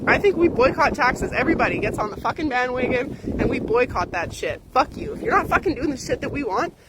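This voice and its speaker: Furious swearing woman over loud wind noise. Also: sits high, lively intonation, quick pace. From Canada. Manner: heated, swearing, sarcastic mock voices. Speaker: ranting vlogger. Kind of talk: angry profane rant.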